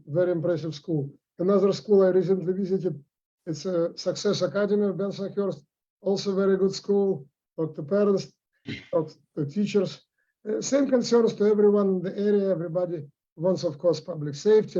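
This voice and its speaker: High-voiced man with dull, muffled audio. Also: dark tone. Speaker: city councilman. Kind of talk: public meeting remarks.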